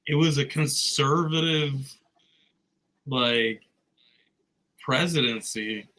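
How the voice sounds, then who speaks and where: Guy cracking crude jokes, real bright sharp voice, rambling. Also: medium pitch, takes it slowly, rough recording. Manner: crude joking, profane, rambling. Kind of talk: casual chat.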